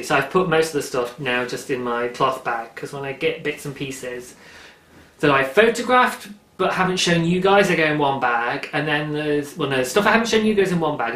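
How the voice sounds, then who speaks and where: Bright, fast-chatting man in his thirties. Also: fairly high pitch. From United Kingdom. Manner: fast, excitable and babbling, with frequent laughs. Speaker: podcast host. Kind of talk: casual knitting podcast chat. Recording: roomy, echoey room.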